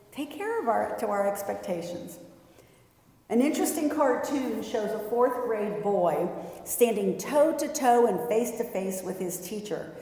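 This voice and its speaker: A woman's voice: mid-range voice, a little mellow. Woman preaching in an echoey hall. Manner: conversational, lightly humorous storytelling. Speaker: pastor. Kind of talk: sermon. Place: church sanctuary.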